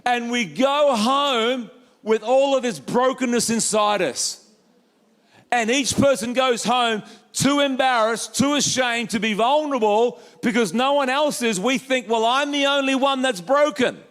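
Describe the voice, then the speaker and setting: A man preaching a lively sermon as pastor, acting out quoted voices with jokey asides. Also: very high-pitched, a little slow. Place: church hall.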